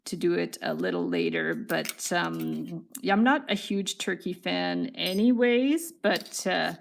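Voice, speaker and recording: Chatty woman with gravelly fry. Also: lowish voice, unhurried, a little hiss or hum. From Canada. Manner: chatty and upbeat, answering viewer comments while working. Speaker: wire craft livestream host. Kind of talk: casual livestream craft tutorial, chatting with viewers.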